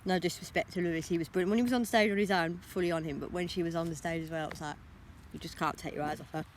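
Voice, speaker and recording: A woman's voice: lowish voice, fairly even intonation, slight background noise. A tired young woman chatting in a rambling vlog, talking into her phone while walking outdoors. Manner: rambling, talks without pausing to think. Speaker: vlogger. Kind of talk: casual vlog chat.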